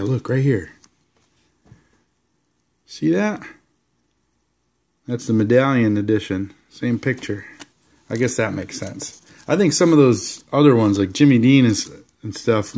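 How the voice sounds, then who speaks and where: A man in the middle of his pitch range talks loosely through a stack of sports cards in a home vlog. He drifts between relaxed commentary and bursts of enthusiasm, with rambling asides. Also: a little slow, pauses often. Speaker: card collector showing his collection. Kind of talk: casual card-showing vlog.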